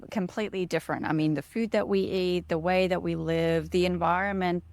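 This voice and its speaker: Female podcast host with a very low, dry voice; long, winding questions. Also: fairly even intonation, brisk, darkish tone, no echo. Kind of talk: podcast interview.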